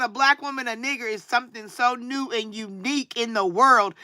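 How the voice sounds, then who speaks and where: A woman's voice: a little high, normal speed, few pauses, bright, forceful tone, no room sound. A woman, talking casually and sarcastically to her livestream viewers, with a preacher-like cadence. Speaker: livestream tarot reader.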